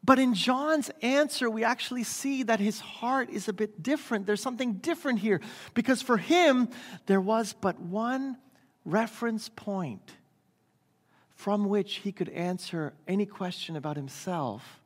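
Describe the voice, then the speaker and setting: A pastor with a high-pitched voice preaches unhurriedly in a church sanctuary, talking conversationally and often checking in with the congregation by asking "right?" The hall gives a long reverb.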